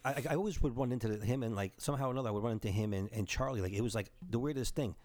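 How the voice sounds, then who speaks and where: Excitable Bronx guy telling stories. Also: mid-range voice, rapid-fire. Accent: New York. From the Bronx, New York. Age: 40s. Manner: excitable storyteller, says bro and man, mild swearing. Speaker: podcast co-host. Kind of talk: casual chat, storytelling.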